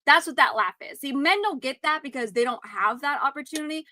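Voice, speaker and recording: Woman co-host, fairly high, forceful voice, blunt and emphatic. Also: expressive, brisk, no echo. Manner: emphatic, outspoken, swears freely. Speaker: podcast co-host. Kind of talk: casual chat.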